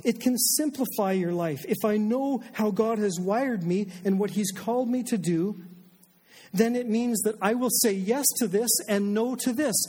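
Conversational middle-aged pastor, high mellow voice. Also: male voice, normal speed, in a large hall. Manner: conversational, self-deprecating, many fillers and restarts. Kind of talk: sermon.

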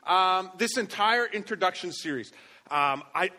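A man with a fairly high, bright, forceful voice preaches with passion and emphasis. His voice carries a long reverb from the hall. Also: expressive, a little slow. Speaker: pastor. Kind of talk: sermon.

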